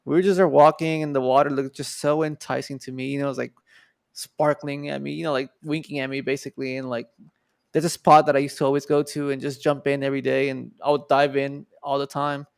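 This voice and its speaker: Fast and smooth with vocal fry, this man speaks in a mid-range voice with little pitch movement, recorded at studio quality with no room sound. A Texas-born guest artist in his 20s, he tells a personal story casually and loosely, swearing and using many fillers.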